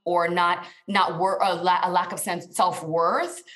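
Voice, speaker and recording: A woman's voice: on the low side, fairly even intonation, measured pace, fairly bright tone. A woman speaking as a podcast guest, telling a personal story in an earnest, emotional way and addressing listeners directly.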